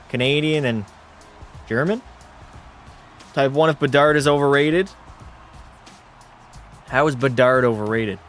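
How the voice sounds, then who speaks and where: A man hosting a livestream watch party, giving casual commentary and joking, swearing, and bantering with his chat. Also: mid-range voice. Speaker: livestream host.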